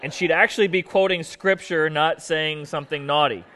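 A man's voice: a little high, fairly even intonation, moderate pace, sharp tone, big-room sound, slight background noise. Man preaching with a self-mocking storyteller's tone. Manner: conversational, self-mocking, with many fillers. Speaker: pastor. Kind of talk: humorous storytelling sermon.

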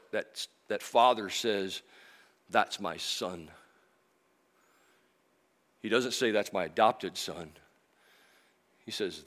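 Middle-aged guy preaching in church, lowish voice, gets loud then goes real soft and slow. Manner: emotional, varies from loud emphasis to soft and slow. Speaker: pastor. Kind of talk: sermon.

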